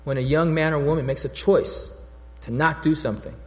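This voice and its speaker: A man's voice: on the high side, steady tone, fairly quick. A man preaching a sermon in a loose, conversational way, breaking off and restarting and acting out quoted voices. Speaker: pastor. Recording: long hall reverb.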